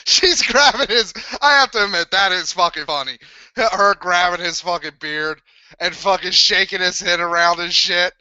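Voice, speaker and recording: A young man hosting a live wrestling review, swearing constantly and ranting with loud, crude sarcasm. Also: high-pitched, moderate pace, clear, resonant tone, dry recording. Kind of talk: profane live review rant. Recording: dull lo-fi sound.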